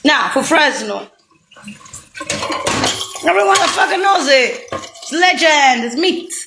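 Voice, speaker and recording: High, sharp-voiced woman ranting. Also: lively intonation, slow, gravelly, a little hiss or hum. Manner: angry, profane, rambling and erratic. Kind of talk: unscripted rant to camera.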